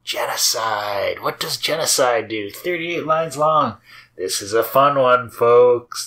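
A man hosting his own game series, chatting casually as he plays and reads through code, rambling and often laughing softly. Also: medium pitch, lively intonation, takes it slowly. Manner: rambling, chatty, with frequent fillers and small laughs. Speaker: host of a game and source-code video series. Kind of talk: casual commentary while playing and reading code.

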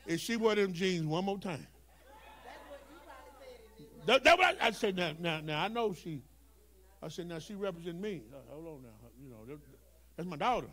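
A male pastor preaching a sermon, dropping to low storytelling and rising to shouted, whooping calls. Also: animated, normal speed, long pauses. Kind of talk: Black Baptist preaching.

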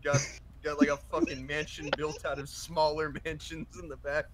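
A man in casual voice chat, riffing loudly with lots of swearing. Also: a little high, little pitch movement, normal speed, noisy background. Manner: profane, boisterous riffing. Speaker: streamer.

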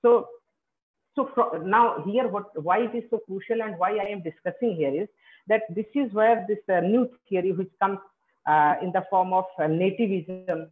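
A man in his forties with an Indian English accent gives an academic lecture over a video call, halting with many fillers and restarts. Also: high voice. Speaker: plenary speaker. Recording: tinny phone-like call audio.

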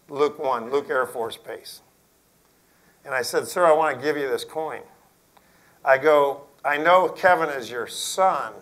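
A middle-aged Air Force general tells school principals a story in a folksy, earnest manner, lowering his mid-range voice to a hush for emphasis. The recording is rough.

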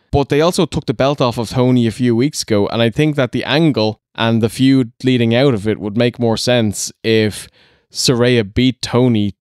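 A man's voice: medium pitch, a little mellow, clean tone, no echo, clean studio sound. A young Irish man co-hosting a wrestling podcast, giving firm opinions and laughing easily. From Ireland. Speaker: podcast co-host. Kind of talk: casual wrestling review.

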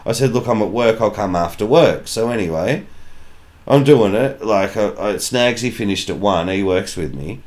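A man's voice: fairly low pitch, normal speed. An Australian man hosting a podcast, telling a story in casual chat, full of swearing and acted-out dialogue. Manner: profane, animated storyteller acting out quoted dialogue. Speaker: podcast host.

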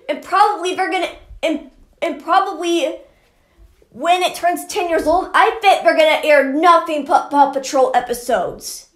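A woman hosts her own channel with a ranting commentary. She talks slowly and sounds exasperated, repeating the same complaints. Her high voice rings out in an echoey room. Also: a bit bright. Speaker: channel host. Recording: roomy echo.

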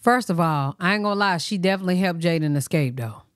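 A woman's voice: on the low side, quick pace, faint music behind. A woman hosting a casual reaction stream, chatty and addressing viewers directly. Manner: chatty, animated, talks to viewers. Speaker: reaction host.

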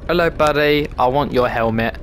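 A man's voice: mid-range voice, normal speed, a bit bright, slight background noise. A British man giving cheeky, sweary commentary while playing a VR game. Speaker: gamer content creator. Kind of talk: casual gameplay commentary.

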